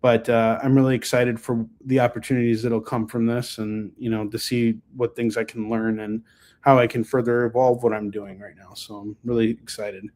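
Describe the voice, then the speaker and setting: A man's voice: medium pitch, level tone, normal speed, a little mellow. An American man hosting a live comic book sales stream, chatting casually and joking, with many ums and asides. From United States. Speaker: host and comic book seller.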